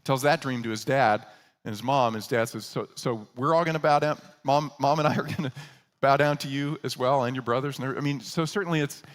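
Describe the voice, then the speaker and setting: A male pastor delivering a sermon at a middle pitch. He tells the story in an animated way and slips into the voices of the characters he quotes. His delivery is conversational and earnest. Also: brisk, big-room sound.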